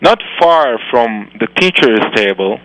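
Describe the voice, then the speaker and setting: A man, a rabbi telling a moral story in halting, phrasing. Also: medium pitch, animated, a bit bright, no room sound, poor audio. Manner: slow, halting non-native phrasing. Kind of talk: storytelling lecture.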